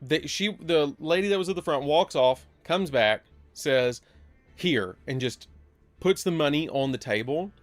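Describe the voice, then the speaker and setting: A man's voice: fairly high pitch, animated, unhurried, no echo, faint music behind. A man hosting a live game stream, telling a story casually and acting out both sides of the argument. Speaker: livestream host.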